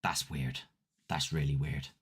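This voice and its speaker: A man's voice: very deep voice, fairly even intonation, measured pace, fairly bright tone, breathy edge. A man hosting a paranormal channel, chatting casually and a bit ramblingly with his live-stream viewers. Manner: chatty, rambling, self-deprecating. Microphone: desk mic with ring light.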